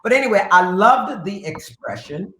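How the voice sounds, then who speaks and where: A woman guest telling stories in a casual interview, in a brassy, profane, animated way that slips into sung phrases. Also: medium pitch, normal speed. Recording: roomy echo with faint piano.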